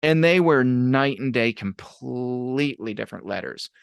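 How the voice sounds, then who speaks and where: A man's voice: mid-range voice, measured pace, vocal fry, clean tone, dry recording. A man, a podcast guest, telling stories in casual conversation and acting out the voices of people he quotes. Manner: animated, acts out quoted voices. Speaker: podcast guest, abuse advocate.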